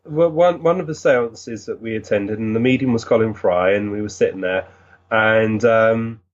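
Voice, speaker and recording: A man, a guest recounting experiences in an animated, earnest way with many restarts. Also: on the low side, normal speed, lo-fi sound. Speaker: guest, physical medium. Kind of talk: storytelling in conversation.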